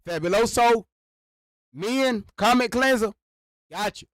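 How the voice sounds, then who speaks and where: A man hosting a livestream, ranting to his chat in an animated, repetitive way and talking straight to his viewers, speaking into a microphone. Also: very high voice, slow, no room sound. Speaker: livestream host. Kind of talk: live reaction rant to chat. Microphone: sits behind a microphone.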